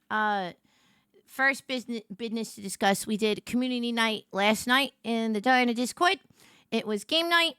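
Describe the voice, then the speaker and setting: Bright-voiced animated woman streamer. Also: medium pitch, measured pace, clean tone, no room sound, clean studio sound. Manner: animated, swings from soft murmurs to excited squeals. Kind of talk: casual livestream chat.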